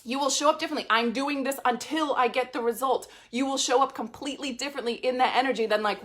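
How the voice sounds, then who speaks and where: Woman coach, brisk and fairly high, blunt and emphatic, echoey room. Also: fairly bright tone. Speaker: life coach. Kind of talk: motivational talk to camera.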